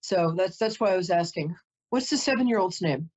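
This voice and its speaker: A woman's voice: fairly low pitch, animated, a little fast, darkish tone, dull audio. A woman giving a live call-in psychic reading, chatty and emotional, often breaking off to apologize. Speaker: psychic reader.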